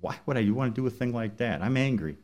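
A man's voice: medium pitch, animated, fast talker, darkish tone. A man, a truck driver, telling a story in plain conversational speech during a church service, then turning it into preaching questions. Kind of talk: storytelling sermon testimony.

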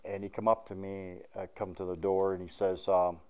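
A man with a fairly low voice recounts a testimony of faith from life on the road as a truck driver. He talks in a plain, folksy way with everyday grammar slips, and he turns loud and eager whenever the story hits its big moments. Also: moderate pace, smooth. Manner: grows loud and excited at the high points. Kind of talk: spoken personal faith testimony.

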